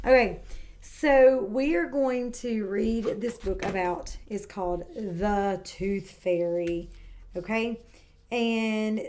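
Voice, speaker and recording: A woman teaching kindergarten and reading a picture book aloud, who models words clearly and praises the children warmly. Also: on the high side. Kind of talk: read-aloud lesson for young children. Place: home, indoors.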